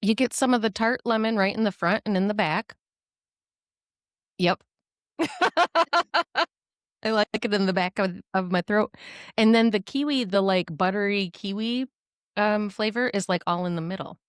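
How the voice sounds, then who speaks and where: A woman's voice: medium pitch, normal speed, long pauses, clean tone, no echo. Bubbly, giggly woman podcast co-host, chatty, dry close mic. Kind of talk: casual chat.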